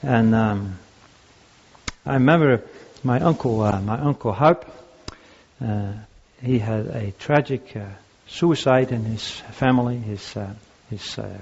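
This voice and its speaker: A man's voice: mid-range voice, slow pace, vocal fry, darkish tone, slightly rough. An older man preaching as a pastor, telling personal stories in a conversational, anecdotal way with frequent restarts. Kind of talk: sermon on grief and listening. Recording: dull lo-fi recording.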